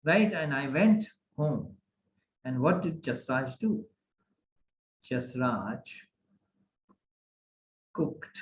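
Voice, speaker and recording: A man's voice: medium pitch, extremely slow, pauses often, a little hiss or hum. A man teaching a grammar class online, often checking that the class follows. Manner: animated, asks the class many checking questions. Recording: echoey room.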